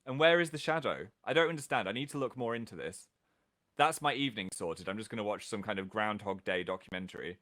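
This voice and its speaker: A man's voice: on the low side, fast, a bit bright. A man hosting a casual livestream, chatting playfully and reading out viewers' comments with a jokey, self-mocking manner. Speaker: livestream host.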